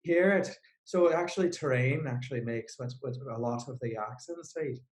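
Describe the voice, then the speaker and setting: A man working as a vocal coach talks slowly and deliberately, restarting his sentences as he searches for words. His middle-pitched voice carries a roomy echo around it. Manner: slow and deliberate, with many restarts. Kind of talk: casual conversation.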